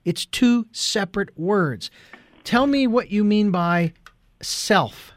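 A man's voice: high-pitched, lively intonation, slow. A man hosting an interview, asking long, rambling questions with hesitant restarts. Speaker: interview host. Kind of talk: interview conversation.

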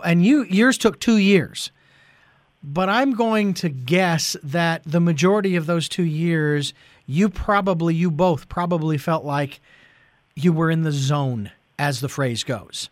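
Man hosting a radio show, slightly high voice, dry close sound, halting delivery. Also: dry recording. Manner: halting, many fillers and restarts. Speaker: radio program host. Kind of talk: radio interview.

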